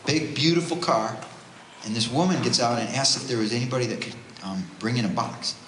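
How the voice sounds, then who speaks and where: A man giving a religious talk to a youth retreat, telling stories in an animated, conversational way. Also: mid-range voice, a little fast. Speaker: retreat speaker, homeless ministry worker. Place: parish hall. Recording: roomy hall with faint noise.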